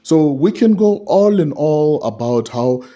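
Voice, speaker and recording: A man's voice: fairly high pitch, expressive, measured pace, mellow. A man giving a solo commentary on a court case, repeating his points and asking rhetorical questions.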